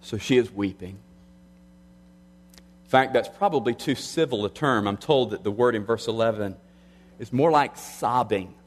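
Earnest middle-aged male preacher. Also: medium pitch. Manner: earnest, slows for emphasis, drops quiet on key lines. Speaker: pastor. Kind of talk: sermon.

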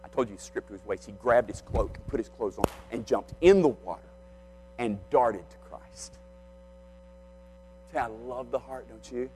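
A man's voice: mid-range voice, a little slow, pauses often, darkish tone, soft background music, rough recording. A man preaching a sermon, retelling a scripture story and acting out the speakers' quoted lines.

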